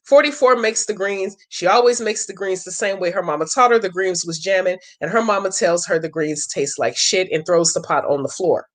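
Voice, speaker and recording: Answering viewers' questions on her channel, this woman talks fairly quickly with few pauses, her voice on the low side. The casual vlog talk is blunt and profane, full of stories and examples.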